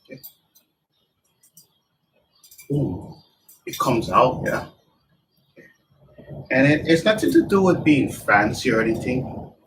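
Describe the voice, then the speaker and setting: A man's voice: mid-range voice, big pitch swings, takes it slowly, pauses often, a bit bright. A man teaching a tai chi lesson, talking in loose, broken phrases as he demonstrates the moves. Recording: distant mic with faint background noise.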